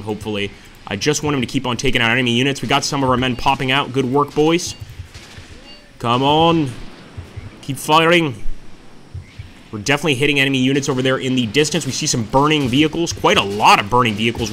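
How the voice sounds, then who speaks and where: A man's voice: medium pitch, pushed and bright, a little hiss or hum. A man giving enthusiastic let's-play commentary on a war strategy game, often calling his viewers "guys". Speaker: gameplay commentator.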